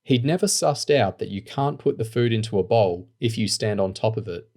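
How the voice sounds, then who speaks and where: Low-voiced male audiobook narrator. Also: normal speed, a little mellow. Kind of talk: scripted narration.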